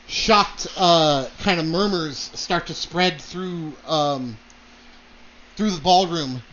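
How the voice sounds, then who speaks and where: Slow, high-voiced male game master. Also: a bit bright, muffled recording, slight background noise. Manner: hesitant, many fillers. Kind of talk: narrating a tabletop role-play.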